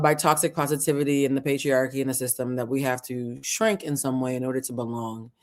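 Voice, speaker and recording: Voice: medium pitch, darkish tone. A show host giving impassioned commentary to camera, fiery and profane, preaching with repeated phrases while close to tears. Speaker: host of a culture and tarot channel.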